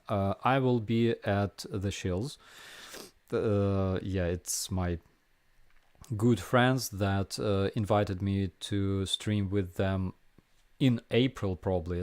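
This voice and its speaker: A young man with a Ukrainian accent hosting a casual live stream Q&A, answering viewer questions in a halting way with many fillers and restarts. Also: on the low side, a little mellow.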